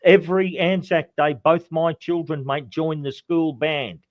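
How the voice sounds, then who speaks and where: Fired-up Australian male guest, higher voice, dry close sound, repeats for emphasis. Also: steady tone, a little slow, dry recording. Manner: impassioned, repetitive, keeps saying "mate". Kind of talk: political commentary chat.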